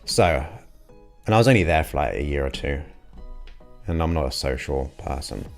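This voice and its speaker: A man's voice: rumbling low, animated, normal speed, creaky, soft background music. A man from England hosting his show, chatting casually and enthusiastically with viewers. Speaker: podcast host. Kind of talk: casual livestream chat.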